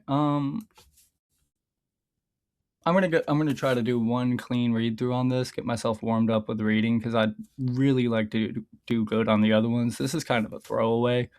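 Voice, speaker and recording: A man's voice: mid-range voice, darkish tone. A man streaming casually, reading his own scripts aloud in a loose, rambling way, swearing a lot and often stopping to laugh at his own lines.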